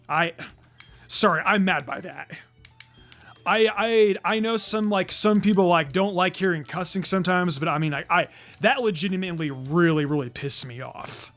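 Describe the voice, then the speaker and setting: Man, gaming commentary, slightly high voice, stammers and repeats words, curses when annoyed, faint game music behind. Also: moderate pace, a bit bright. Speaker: gaming channel host. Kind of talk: let's play commentary.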